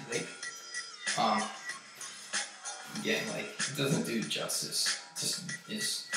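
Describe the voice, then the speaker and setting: A man recounting a personal experience in a halting, rambling way, full of fillers and swearing. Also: mid-range voice. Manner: halting, filler-heavy, profane. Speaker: vlogger recounting a trip. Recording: very echoey, distant mic, music behind.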